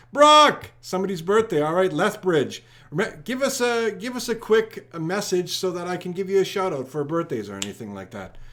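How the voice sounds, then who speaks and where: A man hosting a live trivia stream, rattling off viewers' locations and shout-outs in an upbeat way. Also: a little high. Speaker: trivia livestream host.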